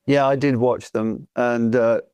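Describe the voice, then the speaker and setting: A man's voice: mid-range voice, steady tone, unhurried, darkish tone, clean tone, dry recording. A man in his sixties, a pop singer, chatting as a guest and telling stories with a wry, teasing edge. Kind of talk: casual chat.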